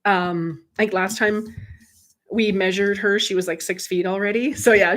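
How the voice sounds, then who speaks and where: A woman's voice: medium pitch, unhurried, a bit bright. Chatty woman medium on a livestream. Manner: chatty and candid, reads viewer comments aloud. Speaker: medium and life coach hosting a livestream. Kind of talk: casual livestream chat.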